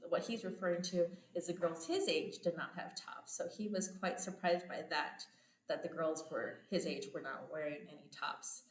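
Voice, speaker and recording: A woman's voice: low-pitched, moderate pace. Chatty woman in an echoey room. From United States. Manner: chatty storytelling, laughs often. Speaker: podcast host. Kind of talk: casual chat. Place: home abroad, indoors.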